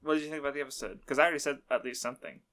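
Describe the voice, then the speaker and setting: A man's voice: medium pitch, rapid-fire, a bit bright. A man hosting a podcast, blunt and dry in his opinions. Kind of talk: casual podcast chat.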